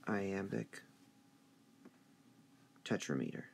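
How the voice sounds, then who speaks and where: A man teaching a high school English review lesson, speaking slowly and deliberately and drawing out stressed syllables. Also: expressive, gravelly, a little hiss or hum.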